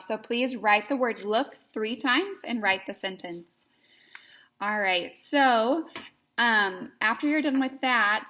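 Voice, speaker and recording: A woman teaching young children in a slow, clear, patient way, spelling words out letter by letter in a sing-song manner. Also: fairly high pitch, a bit bright. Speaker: kindergarten teacher.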